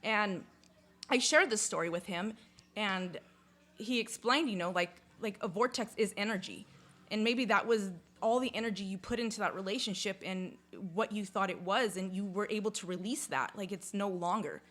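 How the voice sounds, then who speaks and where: A woman in casual conversation, telling a personal story in a lively, chatty way, with lots of "like" and some swearing. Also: medium pitch, moderate pace. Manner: chatty, full of "like", swears freely; lively retelling, acts out sounds and inner voices. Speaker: podcast guest.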